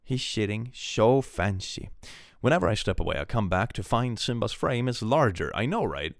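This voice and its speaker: A man's voice: on the low side, lively intonation, moderate pace, creaky, no room sound, studio quality. A man, casually chatting with his stream and joking as he reads out chat.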